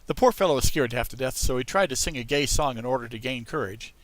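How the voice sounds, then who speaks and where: A man narrating a classic children's story in an expressive storybook style, talking to young listeners. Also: medium pitch, fairly quick, no echo. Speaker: audiobook reader.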